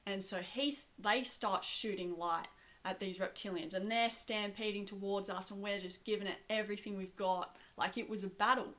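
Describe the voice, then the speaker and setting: A woman's voice: medium pitch, fairly even intonation, normal speed, a bit bright. A woman earnestly recounting a spiritual vision, talking in long breathless runs full of fillers. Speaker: spiritual channel.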